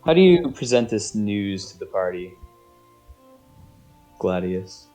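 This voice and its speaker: A man's voice: on the low side, big pitch swings, slow pace, warm tone, faint music behind. A man narrating as game master, rambling and hesitant with many fillers. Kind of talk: narrating a tabletop game over voice chat.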